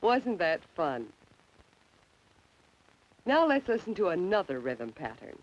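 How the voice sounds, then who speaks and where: A woman in scripted narration for children, gentle and coaxing, asking the listener questions over a 1950s film soundtrack. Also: on the low side, big pitch swings, takes it slowly, muffled recording, a little hiss or hum.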